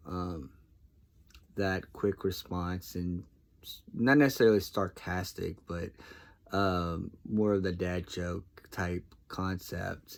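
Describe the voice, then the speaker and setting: A man talking casually and reflectively to camera, soft-spoken and hesitant, with many pauses and restarts. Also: low voice, creaky. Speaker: vlogger.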